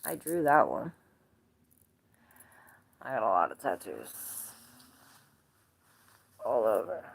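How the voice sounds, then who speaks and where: A woman's voice: very deep voice, wildly swooping pitch, slow, gravelly, breathy edge. A woman in her forties giving a live tarot reading in a rambling, casual way, greeting viewers as she goes. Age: 40s. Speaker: tarot reader.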